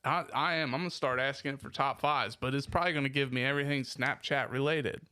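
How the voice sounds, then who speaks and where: A man's voice: mid-range voice, fairly even intonation, quick pace, pushed and bright, clear, resonant tone, no room sound. A man co-hosting a podcast in casual banter, joking around and laughing often. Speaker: podcast co-host.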